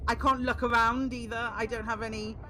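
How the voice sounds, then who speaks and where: A woman's voice: a little high, level tone, fairly quick, bright, forceful tone, a little hiss or hum. A woman game streamer chatting casually and playfully while she plays, often breaking into giggles. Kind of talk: casual live-stream chat.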